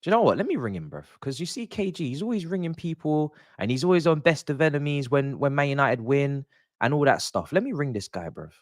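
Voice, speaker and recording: Young guy, high lively voice, dry close sound, exasperated football ranting. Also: fairly quick, dry recording. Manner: animated, exasperated, slangy ranting. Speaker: streamer hosting a football watch-along. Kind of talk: live watch-along reaction.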